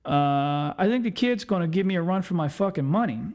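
A man's voice: high-pitched, lively intonation, fairly quick, darkish tone. A young man hosting a podcast, chatting casually in a rambling, profane, self-deprecating way. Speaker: podcast host. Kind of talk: casual solo podcast chat.

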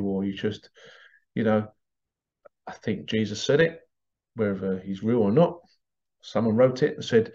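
A man's voice: mid-range voice, darkish tone. A man talking in a rambling, casual monologue, chuckling now and then. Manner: rambling, chuckling, acts out bits in funny voices. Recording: slightly dull lo-fi audio.

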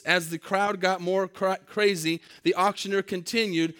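A male pastor telling a story in a sermon, dramatic and swinging between soft and loud passages. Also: high-pitched, fairly even intonation, normal speed, few pauses.

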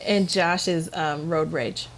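A woman co-hosting a casual podcast, chatty and quick to laugh. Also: low-pitched, fairly even intonation. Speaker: co-host.

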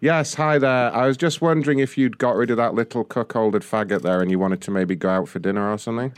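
A man's voice: medium pitch, fast talker, clean tone, dry recording. A man hosting a prank call show, taunting the people on the line with profanity and frequent laughter. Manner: mocking, profane, laughs often. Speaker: prank caller host.

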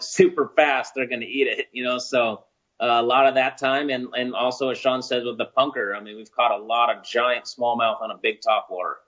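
A man at a middle pitch talks casually about fishing, relaxed and halting, leaning on fillers. The sound is muffled. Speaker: guest angler. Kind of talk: casual chat.

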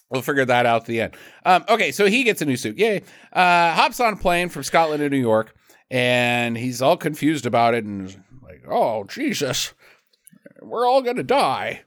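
Casting: man, podcast co-host, bright and lively, profane jokey riffing. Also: mid-range voice, normal speed, no echo, studio quality. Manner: profane, laughing, jokey impressions. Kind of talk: casual movie riff chat.

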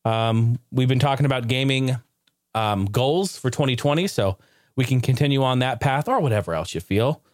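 A man's voice: medium pitch, animated, moderate pace, no echo, clean studio sound. A man hosting his own podcast, telling a rambling funny story and laughing often, then running through the show's housekeeping. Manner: loose, rambling, laughs a lot, mimics shouting neighbor. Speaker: podcast host. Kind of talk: casual solo podcast storytelling.

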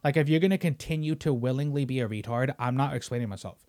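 A young man hosting a casual podcast, ranting heatedly with lots of swearing and loud emphatic bursts. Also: medium pitch, fast. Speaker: podcast host. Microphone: studio microphone.

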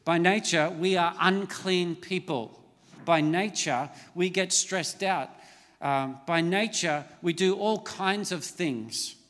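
A man's voice: sits high, slow, a bit bright, big-room sound. A middle-aged man preaching a sermon as a pastor, conversational and storytelling, with self-mocking asides. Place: large church hall.

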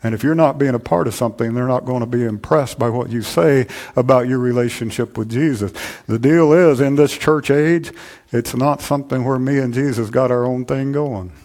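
A man preaching a sermon to his congregation, shifting between loud, fervent passages and low, intimate asides, often repeating "I'm telling you". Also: normal speed. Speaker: pastor.

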